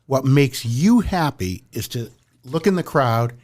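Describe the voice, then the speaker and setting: A man hosting a casual podcast interview, conversational and affirming, often halting mid-thought. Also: medium pitch, lively intonation, darkish tone. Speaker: podcast host.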